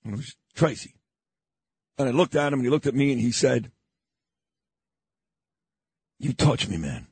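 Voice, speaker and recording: A man's voice: medium pitch, fast talker, vocal fry, long pauses, darkish tone, slightly rough. An older man from New York hosting a morning radio show, telling a story in an emphatic, boastful way.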